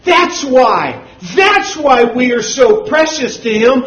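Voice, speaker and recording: Slow, high-voiced preacher, booming and hushed. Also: male voice, sing-song. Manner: swings from booming shouts to low murmurs. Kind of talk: sermon. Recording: roomy, dull hall recording.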